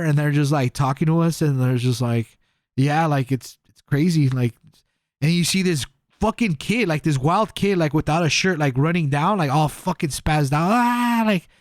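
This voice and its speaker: A young man co-hosting a podcast tells a rambling story packed with fillers and swearing, acting out quotes as he goes. His voice is a little high and fairly quick, recorded in clean studio sound with no room sound.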